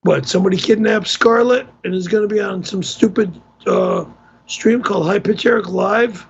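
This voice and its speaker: Irritable male streamer, high gravelly husky voice, slow grumbling delivery, dull lo-fi sound. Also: fairly even intonation. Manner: gruff, irritable, exasperated, swears. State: wearing a tight neck brace. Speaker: livestream host reading tips. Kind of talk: casual livestream talk.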